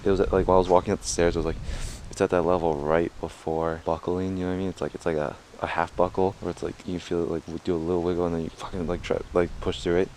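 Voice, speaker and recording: Young male vlogger, very low voice, loose rambling delivery full of swearing, faint noise behind. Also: flat delivery, quick pace, hardly any pauses, darkish tone. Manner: rambling, profane, filler-heavy. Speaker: martial arts tricking vlogger. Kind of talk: casual rambling vlog. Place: outdoors.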